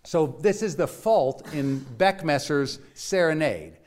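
A man's voice: on the high side, slow, a little mellow. Chatty man lecturing in a classroom. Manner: chatty, explanatory, walks listeners through examples. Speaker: music lecturer. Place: classroom with a live audience.

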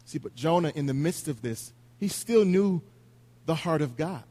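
A man's voice: a little high, expressive, moderate pace, warm tone. A man preaching a sermon in an earnest, confessional way, retelling scripture in everyday words.

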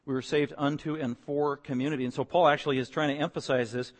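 A man preaching a sermon, emphatic and building to loud, repeated declarations. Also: a little high, fairly even intonation, fast talker, long reverb tail. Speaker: pastor.

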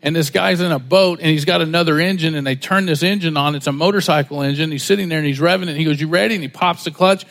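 High-voiced man preaching a folksy sermon. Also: quick pace, hardly any pauses, a bit bright. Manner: folksy storytelling, acts out quoted voices. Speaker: pastor. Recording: long hall reverb.

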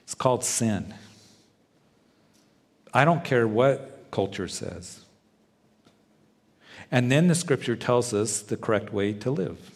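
Earnest preacher in a reverberant hall. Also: male voice, medium pitch, animated, slow, pauses often. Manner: earnest, emphatic, repeats key phrases. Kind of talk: sermon. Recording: long reverb of a large hall.

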